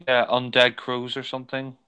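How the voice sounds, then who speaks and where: Male fan commentator, bright and crisp, casual and rambling. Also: medium pitch, completely flat delivery, moderate pace, rough recording. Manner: rambling, chatty, lots of fillers. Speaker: film commentator.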